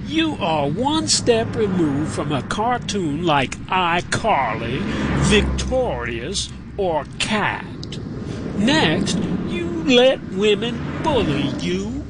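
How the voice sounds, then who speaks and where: An actor playing a bossy, scornful drive-thru manager in a comedy sketch, with a lecturing, mocking manner. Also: male voice, sits high, sing-song, extremely slow, heavily acted. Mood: taunting. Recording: loud street and car noise.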